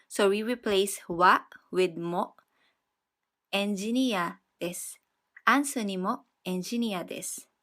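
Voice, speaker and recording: A woman teaches a beginners' language lesson at an unhurried, deliberate pace. Her voice sits at a middle pitch, and she repeats each example patiently. She explains every step clearly before moving on. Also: a bit bright. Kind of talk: slow, step-by-step grammar lesson.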